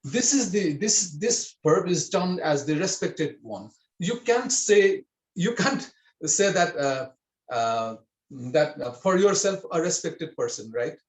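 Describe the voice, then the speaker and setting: A male teacher leads a language lesson, patient and repetitive, often checking that students follow. His voice sits a little high. The sound carries a noticeable room echo. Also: animated, slow pace. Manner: patient, repeats and checks with "okay?".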